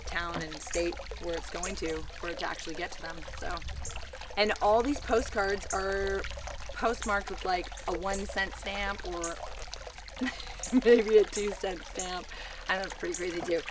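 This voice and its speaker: A woman's voice: fairly low pitch, background noise. A chatty woman, talking casually in a home vlog. She giggles often and breaks off to talk to her pets. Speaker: vlogger. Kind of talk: casual chat reading old postcards aloud.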